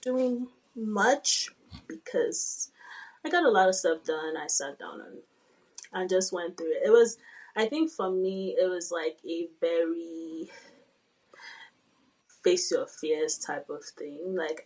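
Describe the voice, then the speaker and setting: A young adult woman co-hosting a podcast, talking in a casual, reflective way and often trailing off mid-thought. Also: on the low side. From Nigeria. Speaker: podcast co-host. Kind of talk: casual chat.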